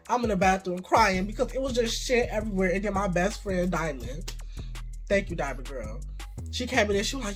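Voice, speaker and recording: A young adult vlogger telling a casual story about their first job, cursing freely and getting animated. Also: medium pitch, a little fast, faint music behind.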